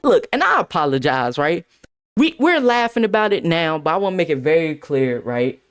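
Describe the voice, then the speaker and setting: A young man streaming, telling a wild high school story to his chat, laughing and swearing as he goes. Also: big pitch swings, moderate pace, clear, resonant tone. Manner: swearing, laughing, big dramatic voice swings. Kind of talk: animated storytelling to a live chat.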